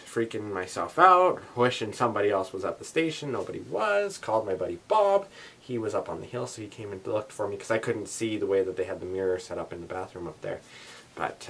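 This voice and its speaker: A young man from Canada ranting casually in a daily vlog, animated and swearing, wet from the shower. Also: on the low side. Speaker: vlogger.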